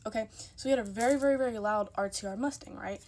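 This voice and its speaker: A woman's voice: medium pitch, fast talker, darkish tone, a little hiss or hum. A young woman telling a casual storytime into her phone, chatty and emphatic, acting out the people in her story.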